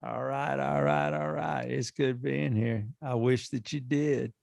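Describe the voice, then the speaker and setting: A man doing an impression of a laid-back actor with a slow, low drawl. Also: lively intonation, vocal fry, darkish tone, no room sound.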